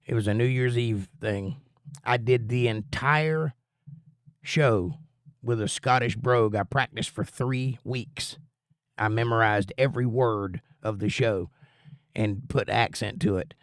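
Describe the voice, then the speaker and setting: Man hosting a chill stream, folksy and rambling, mid-pitched, dry close mic. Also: a little slow, dry recording. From United States. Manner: rambling, folksy, reads chat aloud. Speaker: livestream host. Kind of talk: casual chat reading viewer comments.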